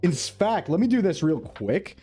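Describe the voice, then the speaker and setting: A man's voice: high voice, big pitch swings, moderate pace, dark tone, soft background music. A man chatting casually on a live stream, upbeat and talkative, greeting viewers by name.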